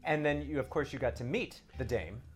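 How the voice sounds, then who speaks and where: A man's voice: medium pitch, fairly quick, soft background music. A man hosting a casual chat show, prompting his guest conversationally. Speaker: host.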